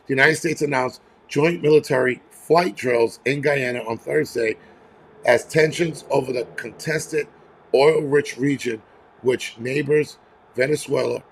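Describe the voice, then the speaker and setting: A man's voice: mid-range voice, slightly rough. A man hosting a casual livestream, ranting bluntly with a lot of swearing and rambling asides. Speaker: livestream host. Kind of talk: casual angry livestream rant. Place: home near a terrace.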